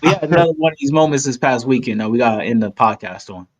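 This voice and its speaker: A man's voice: mid-range voice, animated, fast talker, muffled recording. A man hosting a casual podcast, blunt and argumentative, laughing between points. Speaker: podcast host.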